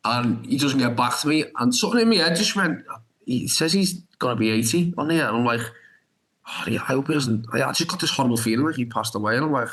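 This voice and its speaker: A man's voice: fairly high pitch, fairly bright tone, rough recording. A young man, an actor telling a rambling story as a podcast guest and acting out his own reactions. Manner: rambling, full of restarts and filler "da da da". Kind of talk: animated anecdote storytelling.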